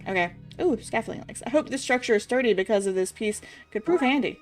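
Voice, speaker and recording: A woman streaming a point-and-click game, talking through it in quiet, offhand asides. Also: on the high side, animated, fast, hardly any pauses, soft background music. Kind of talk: casual gameplay commentary.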